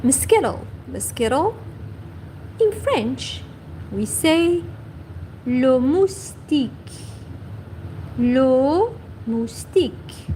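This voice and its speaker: A woman teaching vocabulary on a livestream, saying each word twice slowly and carefully. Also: high-pitched, sing-song, dark tone, a little hiss or hum, low-quality recording. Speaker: language teacher. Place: home livestream.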